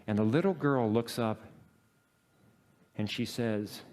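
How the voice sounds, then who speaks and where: A man giving a talk to an audience, telling a personal work story in a halting way with many fillers and self-deprecating laughs. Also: mid-range voice, a little mellow, a little hiss or hum.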